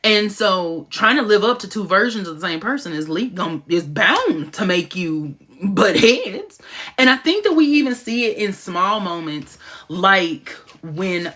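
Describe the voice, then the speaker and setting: A woman giving casual live-stream commentary on a TV show, talking fast and excitedly, with sudden high-pitched asides.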